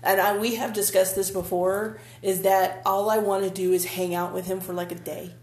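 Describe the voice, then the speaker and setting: A woman's voice: mid-range voice, normal speed, echoey room. A woman co-hosting a podcast, chatting casually, ranting with lots of cursing and laughter. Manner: animated ranting, curses freely, laughs often. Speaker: podcast co-host. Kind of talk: casual chat.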